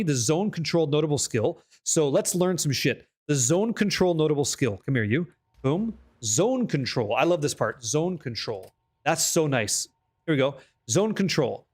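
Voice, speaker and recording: A young man streaming a game, chatting casually with viewers, reading patch notes aloud and swearing freely when excited. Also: a little high. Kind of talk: casual live-stream chat.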